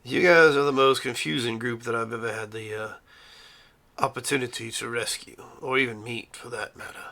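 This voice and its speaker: A man running a tabletop game as game master, easygoing and trailing off quietly at the ends of lines. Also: mid-range voice, steady tone, moderate pace. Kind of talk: narrating and voicing a tabletop game.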